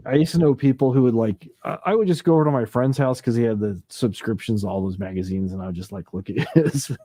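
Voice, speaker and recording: Late at night, a man hosts a livestream from his home setup, rambling casually as he reminisces, laughing easily and imitating sounds. His voice is medium in pitch and dark in tone, and he talks quickly with no echo.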